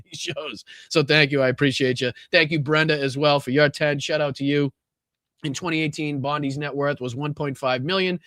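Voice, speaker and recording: A man's voice: mid-range voice, a bit bright, no room sound, studio quality. A man with a Boston accent hosting a political livestream, thanking viewers by name in a chatty, profane way. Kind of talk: casual livestream sign-off.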